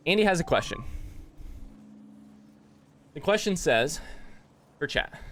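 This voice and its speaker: A man's voice: medium pitch, fairly bright tone. Male streamer, winded from push-ups, rambly live chat with his viewers. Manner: rambling, thanks chat by name, thinks aloud. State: out of breath.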